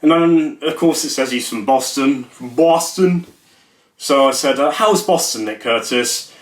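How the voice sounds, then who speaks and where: A man's voice: mid-range voice, normal speed. A young man rambles through a casual vlog, joking at his own expense. His voice sits in a middling register. The room around him is noticeably echoey. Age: young adult. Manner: jokey, rambling, self-mocking. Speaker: YouTuber.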